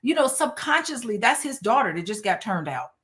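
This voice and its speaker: A woman's voice: fairly high pitch, sing-song, brisk, fairly bright tone. Emphatic woman hosting a chat. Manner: emphatic, conversational storytelling. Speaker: host. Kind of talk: casual conversation.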